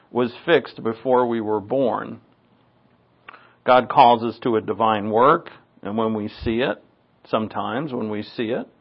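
A man preaching a sermon in a conversational way, acting out quoted prayers and often clearing his throat. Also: mid-range voice, dull audio.

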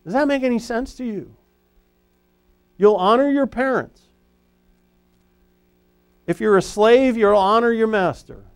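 A man with a somewhat high voice preaches an expository sermon, talking to his congregation in a loose, conversational way and restarting sentences as he goes. The sound is dry and close, with little room around him. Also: measured pace, pauses often, clean tone, no room sound. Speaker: pastor; former high school teacher.

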